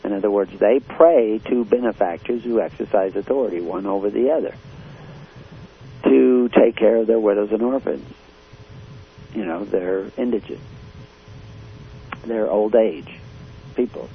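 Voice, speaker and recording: Male preacher, lowish voice, blunt and confrontational, tinny phone-like radio audio with faint hiss. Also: measured pace, gravelly, pauses often. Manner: blunt, confrontational, with many uh fillers. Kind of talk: radio sermon.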